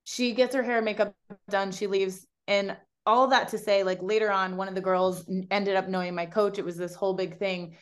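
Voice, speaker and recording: Woman guest in her young adult years; chatty, animated storyteller who voices her own quotes. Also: mid-range voice, brisk, few pauses. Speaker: guest, pro bikini competitor. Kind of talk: casual storytelling chat.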